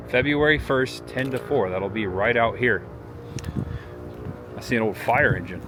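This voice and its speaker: A man giving a casual, chatty walkthrough of a pioneer museum, pointing things out as he walks from an old schoolhouse out into a village. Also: medium pitch. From Indiana family roots. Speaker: vlogger touring a museum.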